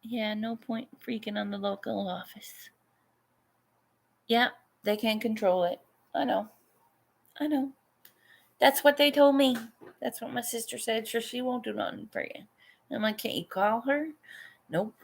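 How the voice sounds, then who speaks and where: A woman's voice: a little high, a little slow, vocal fry, pauses often, husky. A Canadian woman artist vlogging casually, venting and swearing freely as she chats about her day. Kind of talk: casual chat.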